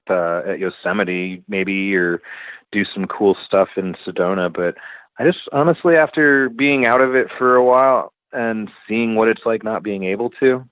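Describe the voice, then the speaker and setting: A man's voice: on the low side, no room sound. A man in his forties, a guest telling a story in casual, profane and vivid talk. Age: 40s. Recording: tinny phone-like, dry.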